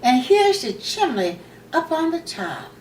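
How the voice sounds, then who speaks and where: Eager little boy on a quest, told by a woman storyteller; slow, courteous, distant mic. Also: sits high, big pitch swings, a little mellow, slight background noise. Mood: excited. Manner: politely asking, hopeful. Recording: echoey room, mic far off.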